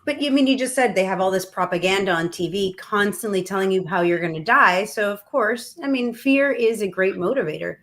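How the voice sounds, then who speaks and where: A woman hosting a casual interview, asking questions in a quick, conversational way. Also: medium pitch, a bit bright. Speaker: host. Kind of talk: casual interview over a video call. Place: Miami.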